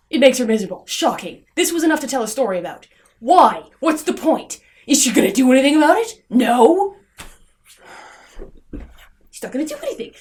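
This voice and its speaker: A young woman vlogger rants about a film with sarcasm and exasperation, lurching between loud outbursts and low muttering.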